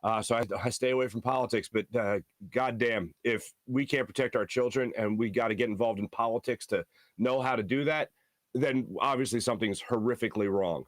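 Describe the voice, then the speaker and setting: A man hosting a sports talk show, speaking hoarsely in an earnest, halting way from a studio. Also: mid-range voice, no room sound.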